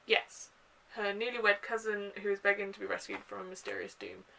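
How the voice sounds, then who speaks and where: A young woman book vlogger chats casually in a home video about her book haul, gushing with lots of ums and uhs. Her medium-pitched voice is sing-song, fairly quick, gravelly, pushed and bright, and the audio is poor with slight background noise.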